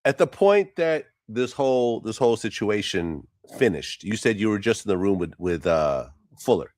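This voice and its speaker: A man's voice: fairly low pitch, sing-song, moderate pace, darkish tone, dry recording, studio quality. A man interviewing a guest, asking hesitant questions that he rephrases midway.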